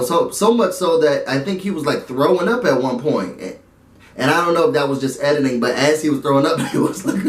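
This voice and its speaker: A man casually recapping and reviewing a show episode, animated and chatty with frequent laughs. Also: on the high side, roomy sound.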